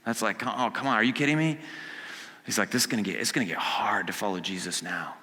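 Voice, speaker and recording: Bright-voiced male pastor, echoing hall. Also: on the low side, quick pace. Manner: conversational preaching, acts out quotes, builds from hushed to loud. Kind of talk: sermon. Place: church sanctuary.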